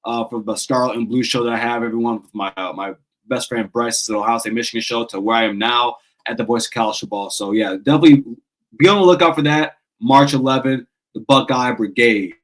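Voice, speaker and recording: A man's voice: mid-range voice, fairly quick, a bit bright, rough recording. A man in his thirties hosting a casual sports call-in show, ranting with passion, swearing and restarting his sentences. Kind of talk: casual fan talk show.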